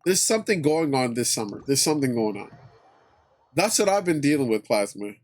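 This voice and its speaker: A man hosting a livestream, chatting casually with viewers in a relaxed way, swearing often and repeating his phrases. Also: medium pitch, fairly quick. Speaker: livestream host.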